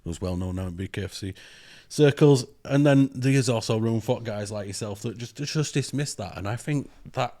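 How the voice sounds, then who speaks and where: A man's voice: mid-range voice, moderate pace, few pauses, dark tone. A man interviewing a fighter in a casual, chatty way, often tagging his points with "you know what I mean".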